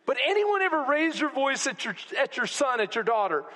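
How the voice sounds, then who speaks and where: A man preaching a sermon as pastor to a congregation, swinging between loud exclamations and hushed asides. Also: very high voice, big pitch swings, a little fast. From Texas. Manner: preaching with rising shouts and sudden quiet drops. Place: church sanctuary. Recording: long hall reverb.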